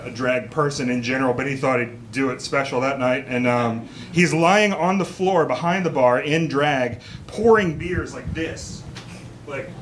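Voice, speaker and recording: A man telling a comic story on a small cabaret stage, rambling and animated with many fillers and asides. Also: medium pitch, measured pace, slight background noise. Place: small cabaret stage before a live audience.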